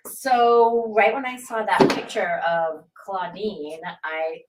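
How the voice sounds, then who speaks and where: A woman's voice: mid-range voice, slow pace. Woman from New York on a panel, laughing, chatty, heard from a distance with faint noise. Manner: laughs often, loose and chatty. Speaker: voice actor on a panel, moderating turns. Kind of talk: casual panel chat. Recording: far from the mic with faint noise.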